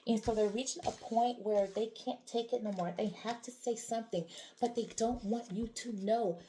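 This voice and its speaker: A woman gives a casual tarot reading, talking straight to her viewers and hammering her points home. Her voice is mellow and warm. A faint hiss sits under the recording. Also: fairly high pitch, fairly even intonation, moderate pace, low-quality recording. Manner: talks straight to viewers, emphatic and repetitive. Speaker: tarot reader.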